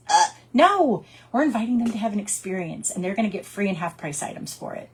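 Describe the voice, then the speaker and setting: A woman who works as a direct sales consultant, giving her team casual coaching and acting out customer conversations in lively quick put-on voices. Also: medium pitch, husky. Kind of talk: casual training talk with storytelling.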